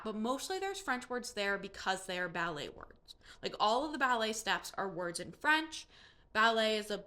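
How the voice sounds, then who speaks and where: A woman in her twenties chatting casually through a monthly reading wrap-up, animated and full of fillers. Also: on the high side. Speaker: book reviewer.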